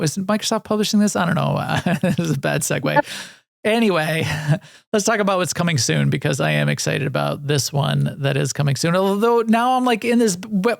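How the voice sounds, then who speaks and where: A man's voice: high-pitched, creaky, no echo, clean studio sound. A man co-hosting a video game podcast, chatting casually in a rambling, self-deprecating way with lots of restarts. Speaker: podcast co-host. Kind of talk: casual chat about video games.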